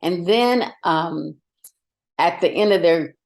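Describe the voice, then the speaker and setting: A middle-aged woman, a longtime educator, telling animated stories in a direct, emphatic way as a podcast guest. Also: fairly low pitch, takes it slowly. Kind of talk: storytelling in conversation.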